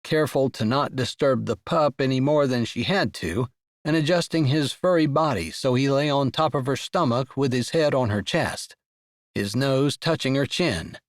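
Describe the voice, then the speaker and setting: A man narrating a romance audiobook in an expressive storytelling voice. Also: mid-range voice, normal speed, no echo.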